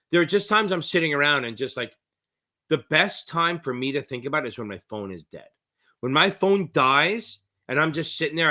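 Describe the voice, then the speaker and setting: A middle-aged man with a New Jersey accent, tutoring on a live-stream Q&A in a rambling, profane, excitable way. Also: mid-range voice. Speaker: exam prep tutor.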